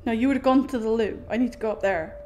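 Playing a horror game on stream, this woman jumps and exclaims, chatting to the game's characters and to viewers in let's play commentary. She's a little high-pitched, quick and darkish in tone, on a muffled recording with a little hiss or hum.

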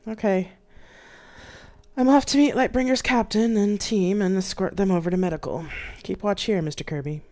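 A calm, commanding station captain gives brisk orders to the crew in a firm, steady voice, as a woman puts the part on. The tone is that of a practiced officer used to being obeyed. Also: medium pitch, pitched above the performer's own voice, lightly acted.

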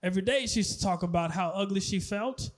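A man's voice: high-pitched, quick pace. A man performing a stand-up comedy set, telling stories and acting out both sides of conversations, often laughing at his own jokes.

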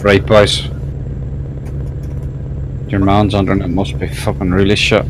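Blunt low-voiced man, engine noise. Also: flat delivery, a little slow. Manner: blunt, matter-of-fact, sweary. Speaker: friend on the stream. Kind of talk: casual banter. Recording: game engine noise behind.

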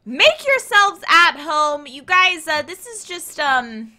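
Bright, lively young woman gaming. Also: sits high, takes it slowly. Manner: chatty and playful, talks to her game characters. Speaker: let's play host. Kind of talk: casual gameplay commentary.

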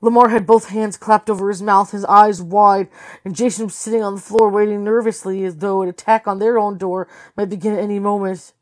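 A woman's voice: mid-range voice, fairly quick, no room sound. Tired woman reading a story aloud. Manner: steady reading with occasional slips and self-corrections. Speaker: storybook reader. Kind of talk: read-aloud narration.

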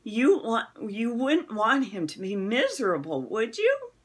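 An ever-patient storybook mom who answers the same question again and again in a gentle, soothing way, as a woman reads her lines aloud, with a slightly breathy, lively voice and an unhurried pace. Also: fairly high pitch, exaggerated voice. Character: patient, gentle mother of a boy.

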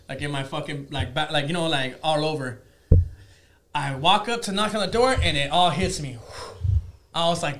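A man's voice: a little high, a little fast. A man telling a crude story in casual chat, swearing constantly and acting out what people said. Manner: profane, animated, acts out quotes. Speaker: podcast guest.

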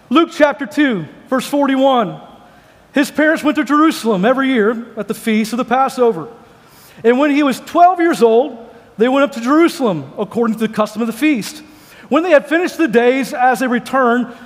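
A man's voice: extremely high pitch, animated, normal speed. A man preaching a sermon, mixing scripture reading with joking, conversational stories. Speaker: pastor. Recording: long hall reverb.

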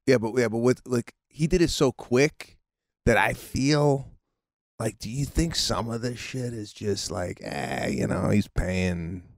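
A man co-hosting a podcast in casual chat, telling stories in an animated way and acting out what people said. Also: medium pitch, measured pace, no echo, clean studio sound. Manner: animated storytelling, acts out quotes, swears. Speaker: podcast co-host.

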